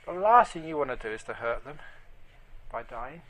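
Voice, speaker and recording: A man giving a storytelling dharma talk as a monk, speaking gently and dropping to a near whisper at tender moments. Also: mid-range voice, animated, moderate pace, poor audio. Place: meditation group hall.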